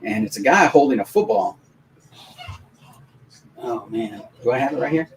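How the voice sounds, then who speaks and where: A man hosting a live stream, telling a long, rambling anecdote in casual, animated talk with many restarts. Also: mid-range voice, moderate pace, a little hiss or hum, low-quality recording. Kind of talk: casual storytelling on a live watch-along stream.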